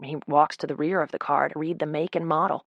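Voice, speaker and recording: Low, gravelly woman narrating with dry wit. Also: fairly even intonation, fairly quick, dry recording, lo-fi sound. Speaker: audiobook narrator. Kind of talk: first-person novel narration.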